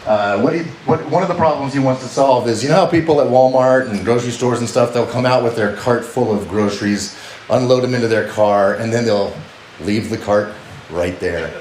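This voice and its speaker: A man's voice: medium pitch, fairly quick, a little mellow, recorded from a distance. A man doing a stand-up comedy set on stage, chatting with the crowd and often checking in with "right?". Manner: conversational, asks the crowd "right?" a lot. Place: comedy club stage with live audience. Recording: roomy live venue, faint noise.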